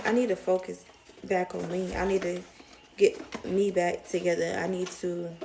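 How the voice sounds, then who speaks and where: A woman's voice: on the low side, vocal fry, background noise. A young woman with a Southern US accent, rambling emotionally in a casual storytime vlog. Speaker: vlogger.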